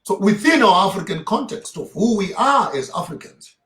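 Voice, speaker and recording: A man's voice: high-pitched, lively intonation, moderate pace, fairly bright tone, echoey room. A man being interviewed as a theologian, lecturing emphatically and firing off rhetorical questions. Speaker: theologian guest. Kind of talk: impassioned interview talk.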